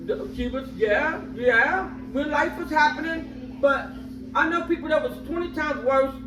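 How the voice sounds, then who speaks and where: A woman's voice: high-pitched, a little slow, background noise. An older woman in a candid group discussion who tells stories expressively and laughs often. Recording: roomy, distant mic.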